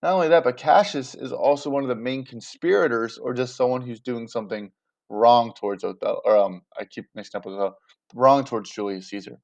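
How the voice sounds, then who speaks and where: A man's voice: mid-range voice, a little fast, gravelly, a little mellow. Chatty male teacher explaining Shakespeare. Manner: chatty, checks in with "right?" and "you guys". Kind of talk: casual classroom explanation.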